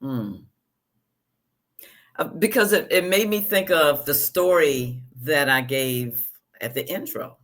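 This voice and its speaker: A woman's voice: low voice, animated, takes it slowly, pauses often. A woman hosting a podcast as a business coach, talking in an emphatic, reflective way. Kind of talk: casual interview chat.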